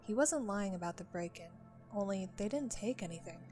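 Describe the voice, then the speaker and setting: A middle-aged ranger with a thick Southern US drawl, talking in a folksy, hushed, confiding way, voiced by a woman reading a story. Faint music sits under the voice. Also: mid-range voice, expressive, fairly quick, close to an everyday voice.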